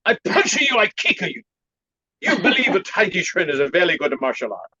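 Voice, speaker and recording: A man's voice: high voice, sing-song, a little fast, pushed and bright, dull audio, exaggerated voice. A man voicing an elderly, playful tai chi master who speaks broken English with a Chinese accent. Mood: boastful. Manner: broken English, cheerful bragging.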